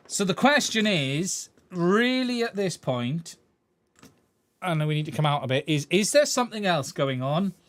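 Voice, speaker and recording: Man, fairly high voice, chatty live-stream repair, thinking aloud at a workbench. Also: very animated, moderate pace, fairly bright tone, no echo. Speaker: streamer repairing a radio controller. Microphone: desk mic, swaps mics during the stream.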